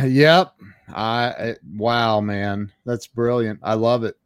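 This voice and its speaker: A man's voice: mid-range voice, slow, smooth, dry recording, clean studio sound. A man hosting an interview, reacting with short, encouraging interjections and questions. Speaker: podcast host. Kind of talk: casual interview chat.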